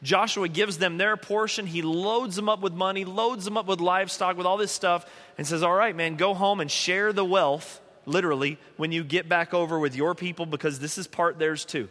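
Male pastor, sermon, earnest and conversational, bright tense voice, reverberant church hall. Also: high-pitched, a little fast, hardly any pauses. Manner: earnest, conversational preaching with pleading emphasis.

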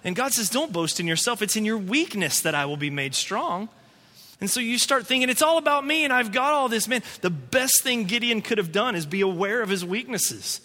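A man's voice: sits high, expressive, normal speed, pushed and bright, in a large hall. A male pastor preaching a sermon in a conversational way, acting out quotes and voices as he goes.

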